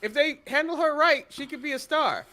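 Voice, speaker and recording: A man co-hosting a casual wrestling recap, opinionated and quick to swear, stammering when he gets excited. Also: extremely high pitch. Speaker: podcast co-host.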